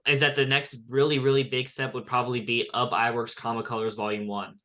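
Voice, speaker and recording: A male podcast guest talks about animation history with eager energy, stumbling over his words and restarting his sentences. His voice is bright and forward, and it climbs higher when he gets excited. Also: fairly quick. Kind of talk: casual chat.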